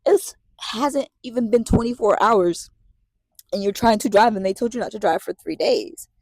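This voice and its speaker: A woman in her late twenties telling a story to the camera, animated and profane, repeating herself as she vents. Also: mid-range voice, normal speed, no room sound, poor audio. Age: late 20s. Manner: animated, profane, repetitive venting. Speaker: vlogger.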